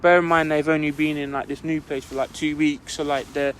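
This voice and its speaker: A man's voice: on the high side, little pitch movement, brisk, slight background noise. A young man telling a story on a casual podcast, rambling and full of "like" fillers.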